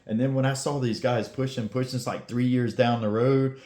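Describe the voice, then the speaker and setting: A man's voice: mid-range voice, fairly even intonation, moderate pace, a little mellow. A man talking to camera in a blunt, casual pep-talk style, full of slang, urging viewers to start a channel. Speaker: YouTube creator giving advice.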